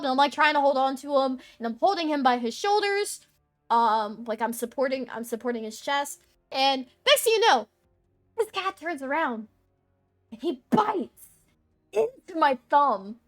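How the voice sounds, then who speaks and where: A young woman streamer with a high voice tells a story in a loose, rambling way. She stays animated and swears freely as she chats. Faint music plays behind her. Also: moderate pace. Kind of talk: casual storytelling chat.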